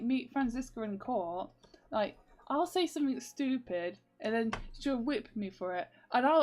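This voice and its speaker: A young woman chats casually to her viewers in a rambling, giggly way, peppering her talk with fillers. Her voice sits a bit high, with faint music playing behind her. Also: darkish tone. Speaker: vlogger.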